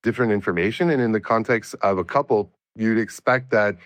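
In an interview, a male researcher responds in a measured, explanatory way and frequently restarts his sentences. His voice is low, and the recording is dry and close-miked with no room sound at all.

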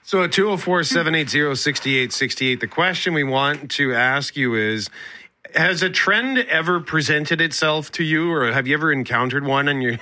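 Man, radio co-host, very bright tone, dry close sound, laughs a lot, chatty. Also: a little high, normal speed, no room sound. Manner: laughs often, animated storytelling. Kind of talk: casual on-air chat.

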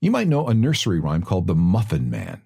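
A man's voice: sits low, huge pitch swings, fast, vocal fry, warm tone, slightly rough. A man hosting a radio talk segment, telling stories with wry asides. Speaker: radio host.

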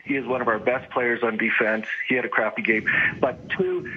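A hoarse man calling in to a sports radio show, angrily venting about his team and the league. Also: mid-range voice, steady tone. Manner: furious, venting, rapid repetitive complaints. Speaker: caller. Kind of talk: angry fan rant on call-in radio. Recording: muffled phone line with faint noise.

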